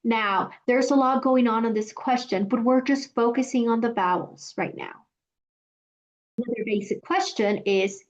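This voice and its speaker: Higher-pitched woman teaching a language lesson. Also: muffled recording. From Mexico. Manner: slow careful demonstration of phrases. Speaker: Spanish teacher.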